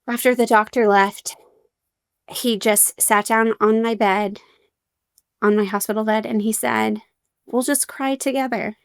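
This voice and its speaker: A woman's voice: medium pitch, flat delivery, measured pace, vocal fry, pauses often, clear, resonant tone, no room sound, studio quality. A young adult woman, a podcast guest, telling her story candidly with wry humor and many fillers.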